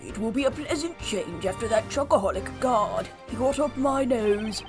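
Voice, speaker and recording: A woman's voice: fairly high pitch, expressive, moderate pace, lightly acted. A woman reading as a formal old judge. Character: stern older male courtroom judge. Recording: game music playing behind.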